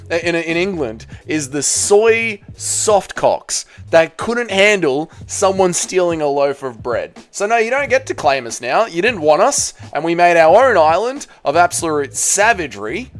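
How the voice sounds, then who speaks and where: A young Australian man with an Australian accent hosting a live stream, reading chat messages aloud and answering with blunt, jokey, foul-mouthed banter. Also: on the high side. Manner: blunt, jokey, swears freely, calls people mate and brother.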